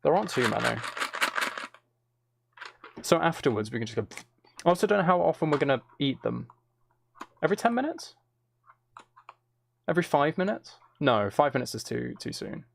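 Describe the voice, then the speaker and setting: Chatty man, slightly gravelly. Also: on the high side, sing-song, moderate pace, pauses often. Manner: chatty, hesitant, reads out chat messages. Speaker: streamer. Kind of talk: casual live-stream chat.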